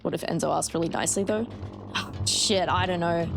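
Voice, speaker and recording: A woman's voice: fairly low pitch, a little fast, vocal fry, music in the background. An Australian woman streaming a horror game, chatting with her viewers and swearing freely. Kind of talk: casual live-stream gameplay commentary.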